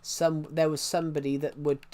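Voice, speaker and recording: A young man chatting on a live stream, his voice sitting a touch higher than most men's. He rambles, restarts sentences, and laughs at his own jokes. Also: level tone, a little fast, a little mellow. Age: young adult. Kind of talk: casual live-stream chat.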